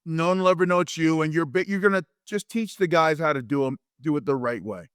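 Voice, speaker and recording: A man in his fifties, a former wrestler and interview guest, telling lively anecdotes and acting out quotes with frequent restarts. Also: fairly high pitch, fast talker, clear, resonant tone, no room sound, studio quality. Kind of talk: animated storytelling in a podcast interview.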